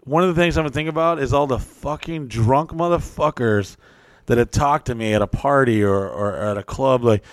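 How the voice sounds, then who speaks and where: A man's voice: mid-range voice, fairly quick, no room sound. A man hosting a casual podcast chat, swearing freely and acting out other people's voices as he tells stories. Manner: profane, animated storytelling with mimicked voices. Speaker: podcast host.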